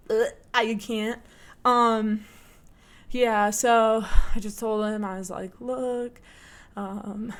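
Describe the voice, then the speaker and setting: Chatty young woman vlog host. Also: medium pitch. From New Orleans, United States. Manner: chatty, slangy, acts out quoted dialogue. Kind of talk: casual storytelling.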